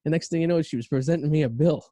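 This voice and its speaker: A man tells a story fast and loose, swearing and laughing as he goes. His voice is dark and mellow, and the sound is dry and close. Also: on the high side, no room sound. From Boston area. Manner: rambling, profane, laughing storyteller. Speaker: podcast co-host. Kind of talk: casual storytelling chat.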